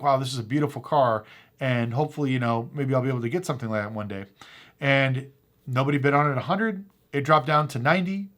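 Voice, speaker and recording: A man who deals cars, casually telling a story to the camera and acting out both sides of the conversations. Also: fairly high pitch. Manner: animated anecdotal, acts out both sides of conversations. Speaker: car dealer and channel host.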